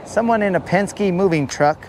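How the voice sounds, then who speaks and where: A man's voice: sits high, moderate pace, a little mellow, a little hiss or hum. A man hosting a fishing livestream outdoors by a shoreline, rambling and joking with his chat in a casual way. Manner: rambling, jokey, talks to chat as bros. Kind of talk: casual live-stream chat while fishing. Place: outdoors by a riprap shoreline near a road.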